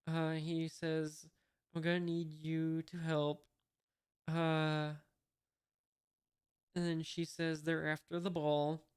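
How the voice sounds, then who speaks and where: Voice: mid-range voice, completely flat delivery, slow, long pauses, darkish tone, smooth. A reader going through a comic chapter in a casual, hesitant way, reading the dialogue aloud without doing voices, with many fillers and wry, puzzled asides. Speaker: manga reader and commentator.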